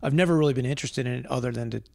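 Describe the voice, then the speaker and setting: Brief: male co-host, gravelly, meandering storyteller, loses his train of thought. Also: medium pitch, very fast, a little mellow, no room sound, studio quality. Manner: rambling, trails off searching for names. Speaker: podcast co-host. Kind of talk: casual chat.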